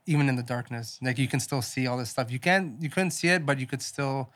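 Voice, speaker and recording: A man's voice: medium pitch, fairly even intonation, a little fast, a bit bright. Male co-host, casual film-review chat, loose and rambling with filler and the odd curse. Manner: rambling, heavy use of filler words and casual swearing. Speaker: podcast co-host.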